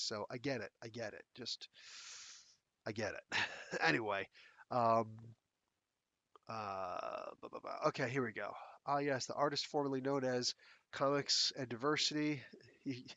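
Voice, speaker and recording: A man's voice: medium pitch, a bit bright, no room sound, lo-fi sound. A man hosting his own podcast in casual chat, rambling and blunt with a sarcastic edge. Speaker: podcast host. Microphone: close desk mic.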